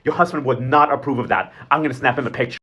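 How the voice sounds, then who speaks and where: Man voicing a severe older woman, low, flat and disapproving. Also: rapid-fire. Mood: scolding. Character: stern, vicious older woman who snoops and scolds.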